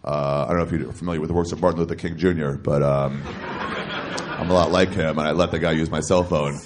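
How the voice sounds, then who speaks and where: A man's voice: very deep voice, steady tone, fairly quick, crowd noise, noisy background. A man in his thirties telling a stand-up story on a club stage into a handheld mic, acting out both sides of phone calls in raised voices. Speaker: stand-up comedian.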